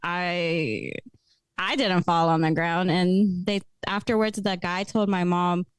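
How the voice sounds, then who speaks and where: A young adult woman telling stories as a podcast guest in casual chat, lively and laughing often. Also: lowish voice, slow pace, clear, resonant tone, dry recording.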